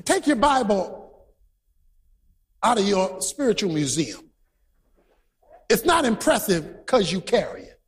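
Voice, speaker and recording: A man preaching a sermon to a congregation, storytelling with bursts of shouted emphasis. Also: sits high, wildly swooping pitch, unhurried, long pauses. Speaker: pastor. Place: large church hall. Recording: reverberant hall, husky tone.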